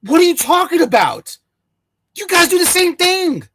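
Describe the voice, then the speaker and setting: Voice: extremely high pitch, very animated, normal speed, fairly bright tone, a little hiss or hum. Heated, profane solo ranter. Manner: heated, profane, sarcastic, mocks others in quoted voices. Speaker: channel host. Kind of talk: solo ranting commentary to camera. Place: in the United States.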